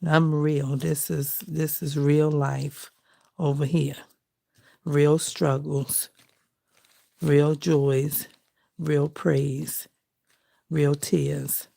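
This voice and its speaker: A woman's voice: low voice, little pitch movement, extremely slow, vocal fry, long pauses, warm tone. A middle-aged woman, chatting in a heartfelt, folksy way while she crafts for her vlog. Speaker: crafting vlogger. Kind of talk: casual chat while crafting.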